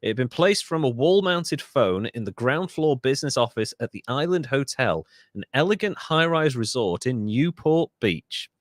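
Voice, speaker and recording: A Welsh man with a middle-pitched voice tells a story on a podcast, breaking off now and then for asides and quick corrections. The sound is dry and close, with no room behind him. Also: big pitch swings, no echo. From Wales. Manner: reads a story aloud with asides and self-corrections. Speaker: podcast host.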